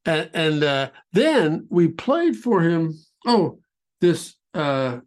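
High-voiced man, halting chat. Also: big pitch swings. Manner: halting, restarts and repeats words. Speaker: interviewer. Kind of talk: casual podcast chat.

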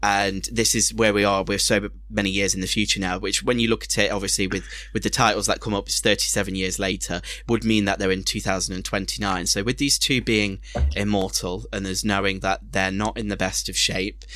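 A man hosting a casual film chat, talking in quick bursts with many repeated words and frequent laughs. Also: lowish voice, level tone, pushed and bright, dry recording. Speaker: podcast host.

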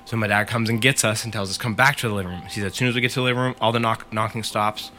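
A man co-hosting a podcast talks very fast in a low, steady voice over music. He's casually retelling a story to his friends, stuffing it with "like" and "he said."

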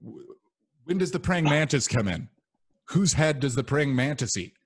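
A man's voice: mid-range voice, animated, moderate pace, husky. Profane rambling man in casual chat. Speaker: podcast co-host.

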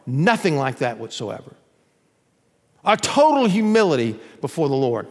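A male pastor preaching a sermon, swelling into loud cries and dropping to a hushed voice. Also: very animated, moderate pace. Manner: drops to a hushed, low voice at tender moments. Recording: long reverb of a large hall.

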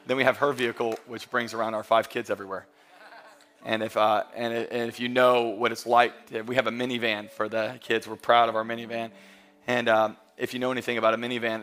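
A man in his thirties preaching a sermon as pastor, emphatic and building to loud peaks, mixing in humorous stories. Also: medium pitch. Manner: emphatic, rising to near-shouting peaks; storytelling with humor and quoted voices.

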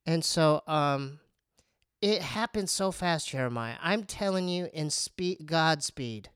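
A man's voice: a little high, slow, smooth, no room sound, studio quality. A man telling a comic personal story in casual chat, stammering and poking fun at himself. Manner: animated, stammering, self-mocking.

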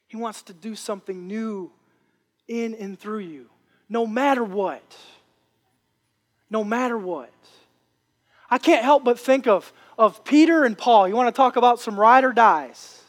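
A man's voice: very high voice, measured pace, a bit bright. A man preaching a sermon with impassioned, repetitive phrasing. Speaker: pastor.

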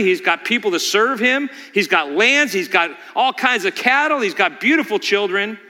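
A man's voice: sits high, animated, normal speed, few pauses, pushed and bright. A man preaching a dramatic sermon, asking the congregation rhetorical questions. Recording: long hall reverb.

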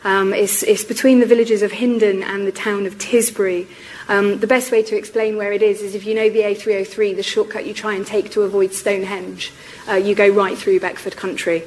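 A woman giving a public lecture on history. Her voice is going hoarse, and she explains things in a measured way with frequent ums. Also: mid-range voice, level tone, slight background noise, poor audio. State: losing her voice.

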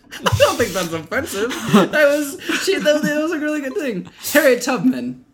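A man's voice: extremely high pitch, very animated, normal speed. A young man co-hosting a podcast in casual chat, playful, laughing often and rambling with restarts. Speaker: podcast co-host.

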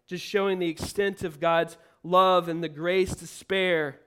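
A man's voice: sits high, fairly even intonation, unhurried, few pauses, a bit bright, smooth. A man preaching a sermon, emphatic and full of rhetorical questions.

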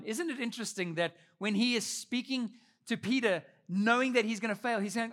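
A man in his thirties preaching a sermon, telling the story with animated delivery and acting out the quotes. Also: high-pitched, fairly quick. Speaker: pastor.

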